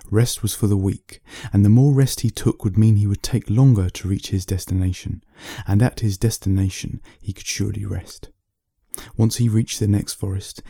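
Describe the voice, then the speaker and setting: A man from the UK, an author reading his own bedtime story in a slow, steady way. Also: on the low side, husky, dry recording, studio quality.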